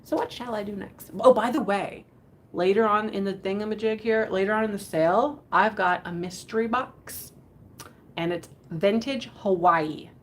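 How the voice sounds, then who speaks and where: A medium-pitched woman talks at a normal speed as she hosts a live vintage sale online, keeping the selling chat casual, rambling, and giggly. Faint background noise sits under the recording.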